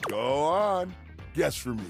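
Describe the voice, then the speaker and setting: An actor voicing an excitable nerdy man in a video game, eagerly quizzing people about trivia. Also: a little high, unhurried, gravelly, over music, exaggerated voice.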